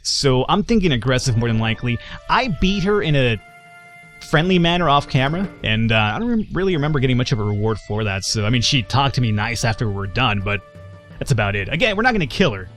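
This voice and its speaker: A man's voice: mid-range voice, very animated, fast talker, a bit bright, soft background music. A man hosting a let's play, giving casual gameplay commentary in a chatty, self-deprecating way as he thinks aloud.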